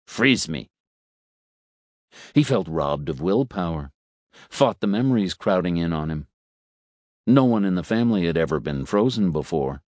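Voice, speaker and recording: A man narrates a story in a low, measured voice, changing his tone for each character. The recording is dry and close, with no room sound. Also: lively intonation, warm tone, dry recording. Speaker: audiobook narrator. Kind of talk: scripted narration.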